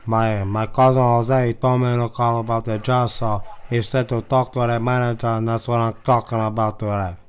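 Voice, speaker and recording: A man's voice: mid-range voice, level tone, moderate pace, few pauses, clean tone, close to an everyday voice. A man putting on a pushy, blunt young job hunter with a thick put-on accent for a prank phone call. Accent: Spanish-tinged put-on accent.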